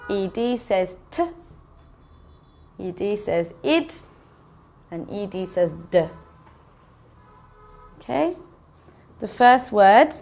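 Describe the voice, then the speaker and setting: A woman teaching English pronunciation in a slow, careful way, saying each word twice for learners. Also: fairly high pitch. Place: classroom with a board.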